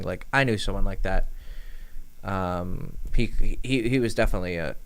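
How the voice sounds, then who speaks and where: A man, a dating coach, telling a long casual story on a livestream, swearing freely and acting out the quoted lines of others. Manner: rambling, profane, acts out quoted dialogue with rising pitch; many fillers and restarts.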